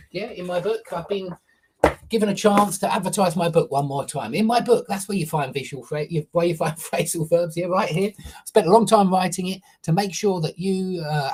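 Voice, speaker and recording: A man's voice: fairly high pitch, a little mellow, breathy edge. A man teaching English grammar in a casual, opinionated way, often checking in with "yeah?".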